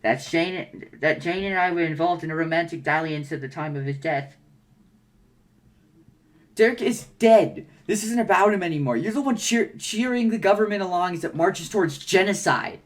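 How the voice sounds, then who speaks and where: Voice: medium pitch, moderate pace, close to an everyday voice. A reader doing a dramatic read-aloud as a young man who angrily confronts his family. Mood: scathing. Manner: heated, confrontational. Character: young adult man, angry and accusing.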